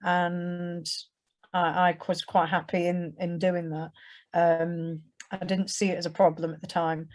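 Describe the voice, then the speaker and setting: A woman's voice: fairly low pitch, level tone, unhurried, darkish tone. A young English woman telling her testimony to a church audience in a conversational way, with frequent restarts and acted-out quotes. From England. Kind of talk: personal testimony told to an audience.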